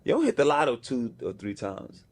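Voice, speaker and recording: Animated slangy New York man. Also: medium pitch, fairly quick. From Brownsville, Brooklyn, New York. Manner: animated, slangy, acts out quoted voices. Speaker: podcast guest, music executive. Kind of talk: casual storytelling.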